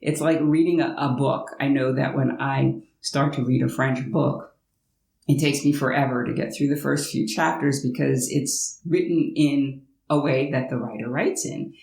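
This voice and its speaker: An American woman who makes language-learning vlogs talks casually to the camera from her home in France, explaining things chattily with playful asides. Her very deep voice is gravelly and a little mellow, with fairly even intonation at normal speed, in a reverberant, rough recording.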